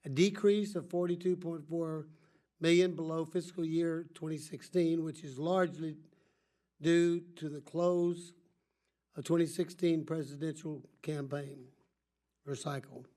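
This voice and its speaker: A man's voice: a little high, fairly even intonation, a little slow, mellow. An older man with a congested voice from allergies, chairing a formal hearing and giving opening remarks with rambling, self-correcting asides. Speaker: subcommittee chairman.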